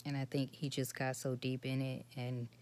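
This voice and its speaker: A woman recounts a personal story to the camera in a soft, subdued voice that often drops to a breathy near-whisper. Her tone has a gravelly, fried edge and stays fairly flat in pitch. A faint, steady hum sits under her voice. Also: normal speed. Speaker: vlogger.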